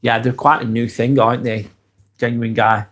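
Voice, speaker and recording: A man's voice: medium pitch, moderate pace. Casual Lancashire man reading comments live. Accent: Lancashire English. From England. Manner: reads comments aloud and answers in a relaxed, chatty way with many ums and restarts. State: fatigued. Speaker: live-stream host.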